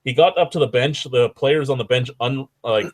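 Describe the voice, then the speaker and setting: A man's voice: medium pitch, moderate pace, no room sound. A young man hosting a podcast, rambling and swearing freely in casual chat. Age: young adult. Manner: profane, rambling hockey banter. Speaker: podcast host.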